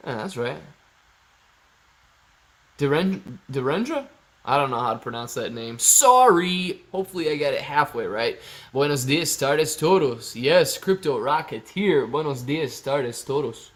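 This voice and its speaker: A man's voice: on the high side, expressive, unhurried. A man hosting a casual live stream, reading out viewer comments and greeting people by name in an upbeat way. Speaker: livestream host.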